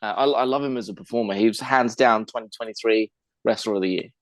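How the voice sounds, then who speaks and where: A man's voice: fairly low pitch, fast, no echo. A man from England with an English accent, co-hosting a podcast and explaining things at length in casual chat. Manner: chatty, explains at length with fillers and restarts. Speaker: podcast co-host.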